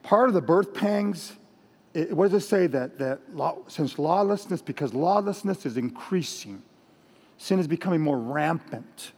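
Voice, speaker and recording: A man preaching at an evening church service, talking loudly and telling jokes in a chatty, laughing way. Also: a little high, animated, a little slow, long reverb tail. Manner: loud, chatty, laughing storyteller. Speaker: pastor. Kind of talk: sermon with jokes.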